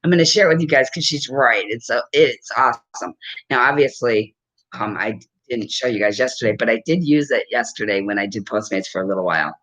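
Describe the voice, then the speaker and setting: A woman's voice: very deep voice, a little fast, a bit bright. A woman in her fifties chatting casually to camera at home, rambling and laughing often as she talks. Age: 50s. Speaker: vlogger. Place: at home with a dog. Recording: dull lo-fi recording.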